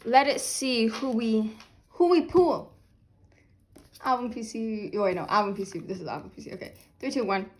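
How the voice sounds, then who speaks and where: A young woman filming an unboxing vlog, talking loudly and dramatically, laughing and half-crying over what she gets. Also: fairly high pitch, normal speed, a little hiss or hum. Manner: loud, chaotic, dramatic reactions with laughing and fake crying. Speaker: vlogger unboxing albums.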